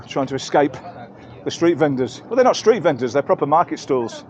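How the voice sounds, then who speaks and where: A man's voice: fairly high pitch, animated, brisk, highs cut off. An English man giving a chatty, rambling walking-tour commentary outdoors in busy market streets, correcting himself as he goes. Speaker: travel vlogger.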